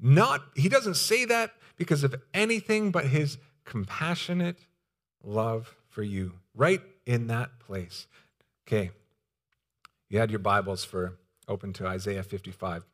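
A young man preaching a sermon as pastor, earnest and pleading, with pauses and restarts. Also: mid-range voice, fairly bright tone.

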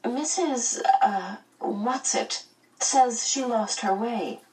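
A woman voicing a calm, brisk scientist mother who speaks lightly and reassuringly. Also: on the high side, distant mic, voice pushed up.

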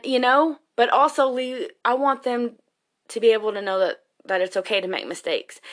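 A woman's voice: medium pitch, a bit bright. A woman, a single mother, talking candidly and emotionally in a rambling personal monologue, swearing freely.

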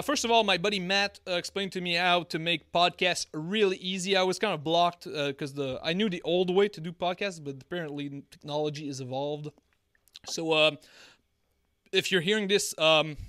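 Male co-host with a French accent, high and bright, loose rambling banter, dry close mic. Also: no room sound. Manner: rambling, joking, many fillers and restarts. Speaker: podcast co-host. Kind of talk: casual chat.

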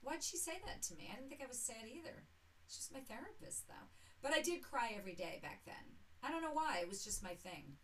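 A woman's voice: a little high, animated, fairly quick, poor audio. A mother chatting on a podcast as a guest, telling rambling stories with wry, blunt remarks. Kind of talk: casual podcast chat.

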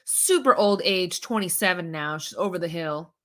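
A woman's voice: lowish voice, animated, moderate pace, a bit bright. A woman co-hosting a podcast, chatting casually and teasing her co-host in a playful way. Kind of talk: casual chat.

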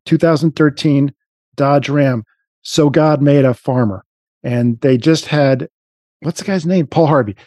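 A man chats casually on a podcast in a mellow, relaxed voice. He rambles and restarts his sentences often, and the recording is dry and close. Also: mid-range voice, dry recording. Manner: rambling, frequent restarts and fillers. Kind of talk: casual chat.

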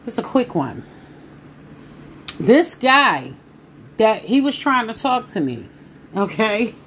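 Woman vlogger, thirties, animated storyteller addressing viewers, a bit high, light noise behind. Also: slow pace. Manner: animated, talks straight to viewers. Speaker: vlogger telling a personal story. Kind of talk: casual storytime monologue.

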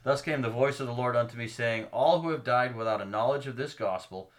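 A man's voice: mid-range voice, brisk. A man co-hosting a casual faith podcast, reading scripture aloud and explaining it earnestly, stopping with ums to find his place. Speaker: podcast co-host.

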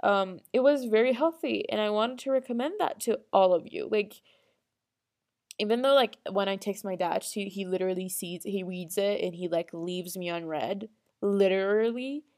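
Young woman, earnest, rambling, casual personal talk, mid pitch. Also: normal speed, a little mellow. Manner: earnest, rambling, with restarts and small laughs. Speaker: vlogger.

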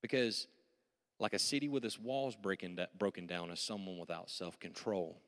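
A male pastor delivering a sermon with energetic, joking delivery and prompts to the congregation. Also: low-pitched, normal speed. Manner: energetic, jokey preaching with audience prompts. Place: church sanctuary. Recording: church hall with long reverb.

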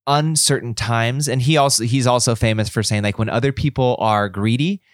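A man in his thirties talks on his own podcast in an earnest, encouraging way, often stopping and starting over mid-sentence. His voice sits at a middle pitch, and the close microphone picks it up dry, with no room echo. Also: brisk. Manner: rambling, frequent restarts, earnest and encouraging. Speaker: podcast host. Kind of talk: casual solo podcast talk.

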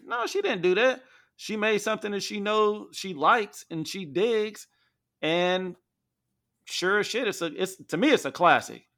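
A man's voice: high voice, unhurried, sharp tone. A man co-hosting a podcast in casual, profane, joking chat about music. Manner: profane, laid-back and joking. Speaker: podcast co-host.

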